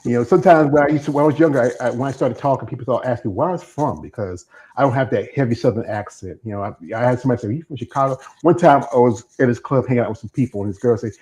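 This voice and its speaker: A man's voice: mid-range voice, racing, a little mellow, low-quality recording. A man hosting a live streamed interview, talking in a rambling, chatty way that often stops and starts over. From American South. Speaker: podcast host. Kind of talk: casual interview chat.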